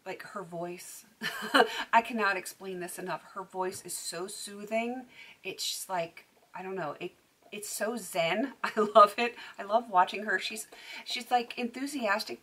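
Woman, beauty vlogger, casual chat, bright crisp voice, slightly low pitch, laughs often. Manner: chatty, with frequent laughs and "like" fillers.

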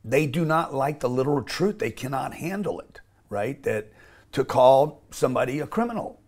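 A man's voice: mid-range voice, expressive, moderate pace, darkish tone. A man speaking as an interview guest, blunt and emphatic, often restarting and swearing casually.

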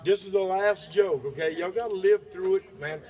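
A man's voice: high voice, normal speed, darkish tone. A man telling crude jokes at an outdoor party, drawling and laughing at his own punchlines. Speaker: joke teller. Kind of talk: crude stand-up joke telling. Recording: distant voice over chatty party crowd.

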